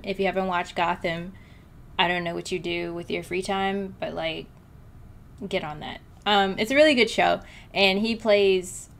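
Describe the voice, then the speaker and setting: A woman hosting a gaming video, chatting in a bubbly, excitable let's-play style. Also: mid-range voice, vocal fry.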